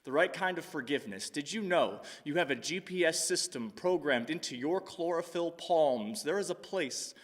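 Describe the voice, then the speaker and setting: A man performing a spoken-word poem with exuberant energy, swinging between shouting and hushed tones. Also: a little high, animated, moderate pace, few pauses, big-room sound. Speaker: performance poet.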